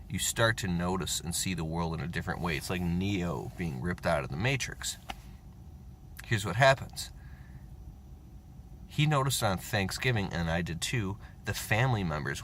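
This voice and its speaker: A man in his thirties talking casually in a profane, rambling, animated monologue, with whispered asides. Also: low-pitched, slight background noise. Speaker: self-help vlogger.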